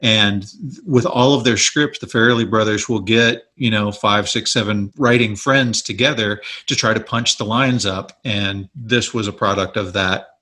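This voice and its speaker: A man co-hosting a casual movie podcast, telling behind-the-scenes stories with animated retellings and frequent laughter. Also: lowish voice, normal speed, few pauses. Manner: animated storyteller, laughs often. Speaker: podcast co-host.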